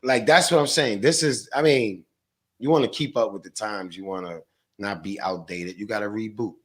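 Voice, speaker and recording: A man's voice: lowish voice, normal speed, fairly bright tone. A man guest on a podcast, a stock trader, talking in a slangy, profane, rambling way. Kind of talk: casual podcast chat.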